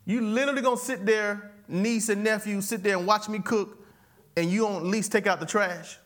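A man preaching puts on a loud, exasperated voice of a grown man scolding helpers who sit idle. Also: high voice, steady tone, normal speed. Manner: loud, nagging, incredulous.

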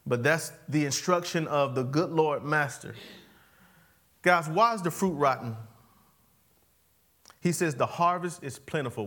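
A male pastor preaching a sermon, playful and animated, constantly calling the congregation to answer "amen". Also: a little high. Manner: animated, playful, calls for amens. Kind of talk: sermon with call and response.

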